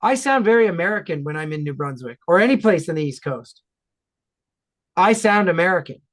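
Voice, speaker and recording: A man from Ontario with an Ontario Canadian accent, a regular on the podcast, chatting casually in energetic, emphatic bursts. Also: high-pitched, brisk.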